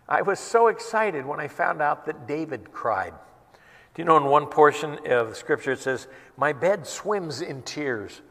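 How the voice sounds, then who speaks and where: A man preaching a sermon as a pastor, earnest and emphatic, dropping to a hush and acting out quotes with feeling. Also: medium pitch. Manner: earnest, swings between hushed and emphatic, acts out quotes. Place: church hall. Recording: long reverb of a church hall.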